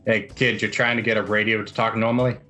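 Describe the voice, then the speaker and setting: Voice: mid-range voice, level tone, fast, bright, forceful tone, faint music behind, close to an everyday voice. A man voicing an offhand, blunt character who calls the young heroes "kid," in a tabletop game.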